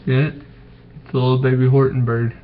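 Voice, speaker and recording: A man reading a storybook aloud to his children, gentle and stopping to ask them questions. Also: medium pitch, flat delivery, normal speed, slight background noise. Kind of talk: bedtime story read aloud. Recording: dull lo-fi recording.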